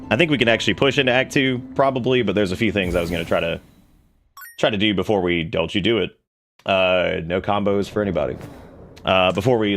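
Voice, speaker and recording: A man's voice: low voice, fairly bright tone, slight background noise. A man streaming a video game, telling rambling, laughing stories with many restarts and asides. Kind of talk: casual gameplay commentary.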